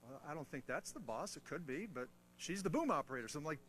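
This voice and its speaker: Speaking quickly with few pauses, this man's voice sits on the high side, and a faint hiss or hum runs underneath. He's a guest speaker motivating a military audience about mentoring, telling lively stories laced with teasing jokes and self-deprecating asides.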